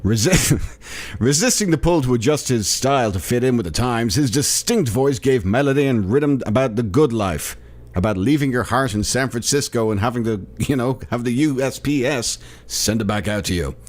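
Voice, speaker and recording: Male podcast host, solo comedy monologue, sarcastic, irreverent, tired, mid-pitched voice. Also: animated, moderate pace, a little mellow. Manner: sarcastic, irreverent, laughs at his own jokes. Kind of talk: solo comedy monologue riffing on a news article.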